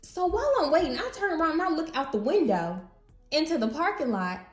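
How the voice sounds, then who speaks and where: A young woman casually telling a storytime story to her viewers, animated and slangy, speaking straight to camera. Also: sits high, a little fast, faint music behind. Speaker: beauty vlogger. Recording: roomy echo.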